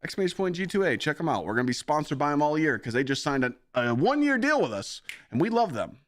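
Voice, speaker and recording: A man doing a hyped-up male sales pitchman, pitched well above his normal voice. The delivery is loud, bouncy and exclamatory, as if every deal is the best deal on earth. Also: sing-song, fast. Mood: hyped salesy.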